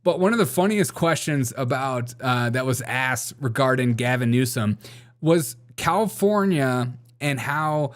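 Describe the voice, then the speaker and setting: A man's voice: mid-range voice, lively intonation, unhurried. A man hosting a casual political commentary show, sarcastic and laughing often as he reads out viewer comments. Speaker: show host.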